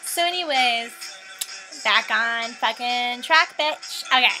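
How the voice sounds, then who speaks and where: Sharp-voiced sassy valley-girl woman. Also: on the high side, takes it slowly, faint music behind, poor audio. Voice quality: valley-girl talk, heavy "like" fillers, crude swearing. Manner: sassy, dramatic, gossipy. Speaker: vlogger. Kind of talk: comic storytelling vlog rant.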